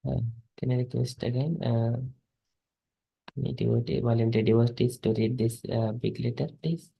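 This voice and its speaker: A man leading a scripture class, explaining haltingly with restarts and repetitions. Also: mid-range voice, flat delivery, vocal fry, highs cut off.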